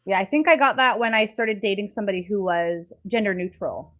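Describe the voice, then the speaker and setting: A woman co-hosting a podcast, chatting candidly with quick reactions and easy laughter. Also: medium pitch, a bit bright, dull audio. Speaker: podcast co-host. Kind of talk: casual chat.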